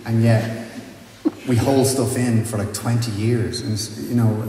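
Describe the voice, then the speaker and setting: A man with an Irish accent telling a rambling story from a concert stage, halting and full of restarts. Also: lowish voice, steady tone, background noise. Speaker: singer telling a story between songs. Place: large stone church, live concert. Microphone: stage vocal mic. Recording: echoey church hall, faint ambience.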